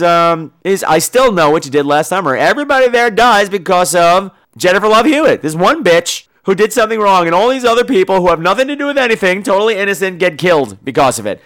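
A man hosting a horror podcast, ranting sarcastically and profanely as he reviews a movie. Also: high-pitched. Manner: animated, sarcastic, acts out characters. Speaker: podcast host.

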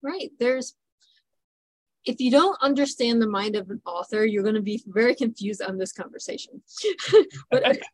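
A woman hosting a podcast interview, chatting casually and warmly affirming her guest with short agreeing replies. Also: a little high, moderate pace, no room sound, rough recording. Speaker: podcast host.

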